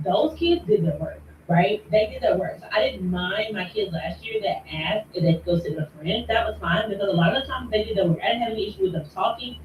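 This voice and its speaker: A woman's voice: mid-range voice, a little mellow, slight background noise. A woman teacher indignantly scolding parents as she vents to the camera. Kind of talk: venting to camera. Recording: distant, roomy, dull sound.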